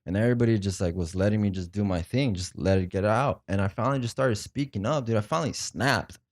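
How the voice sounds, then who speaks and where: A man's voice: on the low side, fast, dry recording, clean studio sound. A young adult man casually telling a raw, emotional story, full of fillers and swearing. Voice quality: profane, slangy speech. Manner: rambling, emotional retelling with frequent fillers. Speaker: podcast guest.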